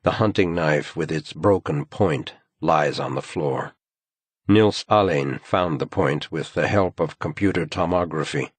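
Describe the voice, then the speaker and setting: A man reading a crime thriller audiobook in measured, grave scripted narration. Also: extremely low pitch, husky, no room sound.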